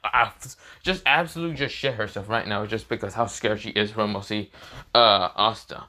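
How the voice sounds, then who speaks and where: A man's voice: fairly low pitch, moderate pace, pushed and bright. A man casually telling a fan story off the cuff, rambling and leaning on the same filler phrases. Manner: rambling, repeats fillers like "this is where, well, mostly".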